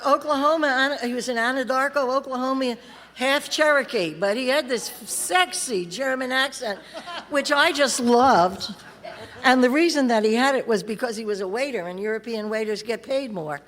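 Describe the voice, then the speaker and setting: Middle-aged woman, wry streetwise storyteller, slightly high voice, reverberant convention hall. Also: a bit bright. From California. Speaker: AA convention speaker. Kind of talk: recovery talk, personal story.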